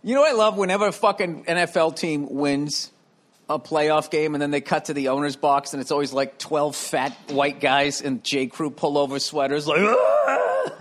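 A middle-aged man hosting a podcast from his home, rambling loudly and profanely and losing his train of thought. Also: fairly high pitch, fairly even intonation, moderate pace, a little hiss or hum. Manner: profane, loud, easily sidetracked. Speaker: podcast host. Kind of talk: rambling comedic monologue. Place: room at home.

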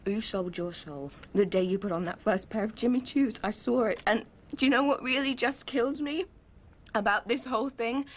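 A woman's voice: fairly high pitch, close to an everyday voice. An actress playing a bitter, sarcastic young woman in a film scene. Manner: sarcastic, cutting.

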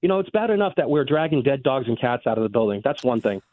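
A man's voice: mid-range voice, very animated, no echo. A man calls in to a radio show over a thin, phone-like line, his voice dry and close. He speaks earnestly and with strong feeling, stumbling over restarts as he gets emotional. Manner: upset, earnest, halting with restarts. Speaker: caller.

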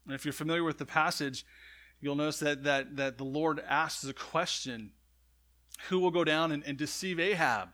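A man's voice: a little high, moderate pace, bright, forceful tone. A man preaching a sermon, retelling a scripture story in a conversational way with frequent asides to the congregation. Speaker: pastor.

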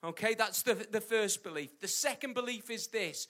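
A man's voice: sits high, animated, measured pace, fairly bright tone. A British man preaching a sermon, emphatic and repeating his key points, with jokey asides. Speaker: pastor.

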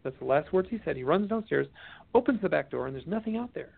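A man, a guest author, telling stories in a casual interview, animated and often restarting his sentences, heard over a phone line. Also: a little high, quick pace, gravelly. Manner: animated storyteller, restarts a lot. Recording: tinny dry phone line.

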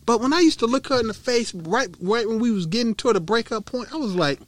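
A man co-hosting a casual comedy talk show, joking loudly with frequent laughter. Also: extremely high pitch, animated, quick pace, dry recording. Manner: loud, joking, bursts of laughter. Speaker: podcast co-host.

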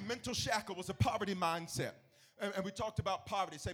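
A man with a notably high voice preaches to his church. He calls out lines for the congregation to repeat and pushes into shouted, sung cadences. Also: fast, slightly rough. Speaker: pastor. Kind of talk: sermon. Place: church service.

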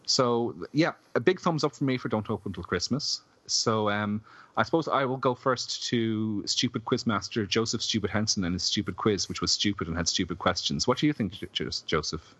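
A man's voice: lowish voice, moderate pace, a bit bright, slightly rough, dry recording. A man co-hosting a podcast, reviewing a film in casual, rambling chat full of fillers and jokes. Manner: rambling, filler-heavy, jokey. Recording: dull lo-fi dry podcast audio.

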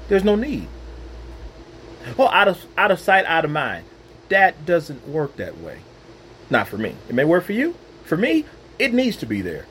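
A man's voice: fairly high pitch, huge pitch swings, unhurried, pauses often, fairly bright tone, slight background noise, low-quality recording. A man giving an earnest, personal devotional talk into his own microphone, emphatic and repeating phrases for weight. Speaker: Christian speaker.

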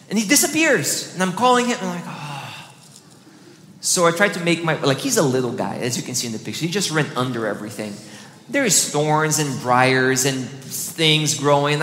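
A male pastor tells a story from the pulpit, animated, jumping higher when he acts out his own lines. His fairly high voice rings through a long-echo hall. Faint room noise sits underneath. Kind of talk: storytelling sermon.

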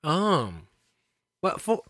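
A woman's voice: sits low, wildly swooping pitch, very slow, fairly bright tone, no echo, studio quality. A woman co-hosting a podcast, chatting casually in a teasing, playful way. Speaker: podcast co-host. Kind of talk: casual chat.

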